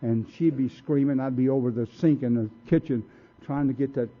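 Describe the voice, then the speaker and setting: In a meeting room, an older man shares his own recovery story bluntly and in a folksy style. His voice is medium-pitched, at normal speed with fairly even intonation, heard through a tinny lo-fi tape recording.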